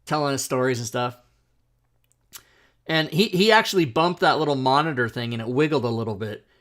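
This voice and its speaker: Rambling, animated male livestream host. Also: mid-range voice, brisk. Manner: rambling, animated, laughs often, many restarts. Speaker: talk show host. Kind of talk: casual storytelling on a livestream.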